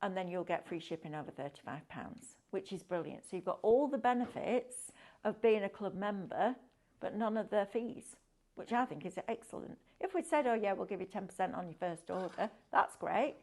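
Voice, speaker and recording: This craft shopping show host speaks in an animated, darkish mid-range voice at a normal speed. She's eager and upbeat, chatting through a live product demonstration with plenty of tag questions.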